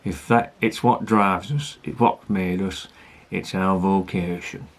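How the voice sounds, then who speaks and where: A man's voice: low voice, steady tone, takes it slowly. A man putting on a mock Yorkshire brewer. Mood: mock proud.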